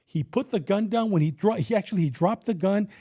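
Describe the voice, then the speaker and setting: Animated middle-aged man spinning a yarn. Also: high voice, fairly quick. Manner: animated, acts out quotes, swears freely. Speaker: retired police officer, guest. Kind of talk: casual storytelling.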